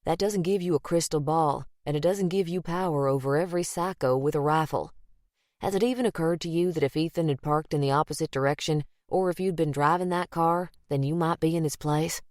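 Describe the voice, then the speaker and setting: A woman reading the part of an earnest younger man with a Southern US drawl, gentle and reassuring in an audiobook. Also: a little high, a little fast, dry recording, clean studio sound, close to an everyday voice.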